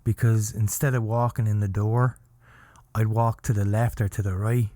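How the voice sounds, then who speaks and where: A man from Ireland, telling a comic story as a podcast host in a halting, mock-earnest deadpan with long pauses. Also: lowish voice, dry recording.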